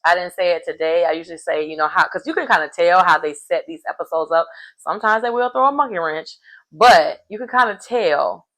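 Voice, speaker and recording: A woman giving a casual, animated episode recap of a reality show and acting out the people she quotes. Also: lowish voice, brisk, poor audio. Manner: animated storytelling, acts out quotes.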